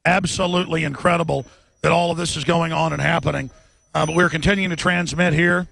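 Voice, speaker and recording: A man hosting a radio show live from an outdoor event, ranting fast and chanting slogans through a bullhorn. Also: on the high side, steady tone, creaky. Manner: shouts protest chants slowly and repeatedly.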